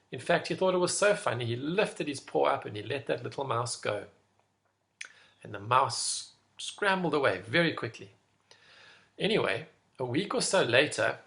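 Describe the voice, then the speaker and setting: A man leading an online school assembly, telling a fable to children in an animated way. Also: medium pitch, gravelly. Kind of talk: school assembly talk with storytelling.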